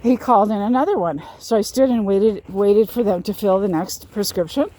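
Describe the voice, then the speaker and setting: A woman's voice: mid-range voice, fairly quick, mellow. Earnest woman telling a personal story. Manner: emphatic, repeats herself, frequent restarts. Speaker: vlogger. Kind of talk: casual storytelling to camera.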